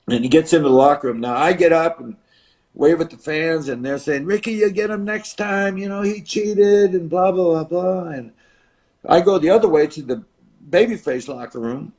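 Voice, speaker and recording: An older man, a retired wrestler, telling a story as a podcast guest and acting out the voices of others with big shifts in loudness. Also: a little high, moderate pace. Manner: acts out voices of others in his stories, dramatic shifts in loudness. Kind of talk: animated storytelling.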